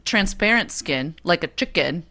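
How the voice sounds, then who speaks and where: A woman co-hosting a podcast in casual chat, trading dry, deadpan banter. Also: on the low side, measured pace. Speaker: podcast co-host. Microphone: video call from a basement.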